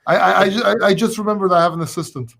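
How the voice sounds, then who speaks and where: A man who was born in London, a guest chatting casually from home, easygoing and joking and quick to agree. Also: high-pitched, gravelly, a bit bright. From born in London, living in Greece. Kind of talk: casual chat.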